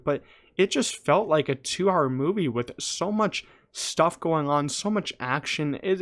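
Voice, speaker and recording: An excited young man talks straight to his viewers in a loose, rambling review. His voice sits a little high, and he keeps breaking off and restarting his sentences. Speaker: YouTube show reviewer. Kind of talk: casual solo review talk.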